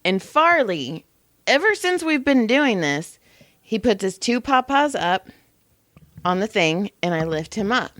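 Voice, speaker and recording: An animated woman telling a story on a podcast, her pitch rising and dropping as she acts out each quote. She talks into a close mic in a dry room and laughs often. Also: slow, dry recording. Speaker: podcast co-host and massage therapist. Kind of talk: casual storytelling chat. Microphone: podcast microphone.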